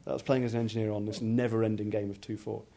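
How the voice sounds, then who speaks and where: A man's voice: lowish voice, little pitch movement, fast talker, creaky, warm tone. A man hosting a casual studio podcast, rambling and chatty with many restarts. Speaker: podcast host, magazine editor.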